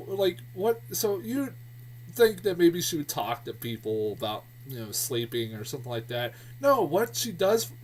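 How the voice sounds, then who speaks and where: A man's voice: high voice, distant mic. A man giving a casual, profane movie review, sounding exasperated and often laughing. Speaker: film reviewer.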